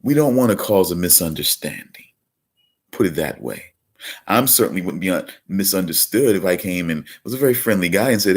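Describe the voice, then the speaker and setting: Low-voiced guy chatting on his stream, rambly, keeps restarting and saying certainly. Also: lively intonation, a little fast, breathy edge. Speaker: livestream host. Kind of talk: casual livestream chat.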